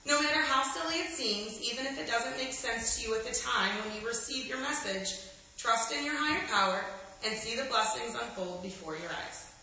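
A woman reading an inspirational story aloud in an earnest, gentle way, now and then restarting a line. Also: a little high, normal speed, recorded from a distance, slight background noise. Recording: echoey room, voice from off-mic.

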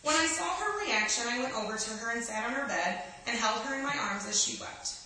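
A woman reads an inspirational story aloud, earnest and gentle, her voice bright and a little high. She sits back from the microphone in a very echoey room, with a faint hiss of room noise behind her. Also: animated, brisk, far from the mic.

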